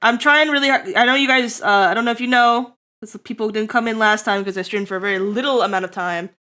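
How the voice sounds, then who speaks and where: A woman streamer in casual live-stream chat, rambling and breaking into loud laughter, her throat getting tickly. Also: a little high, fairly even intonation, fast.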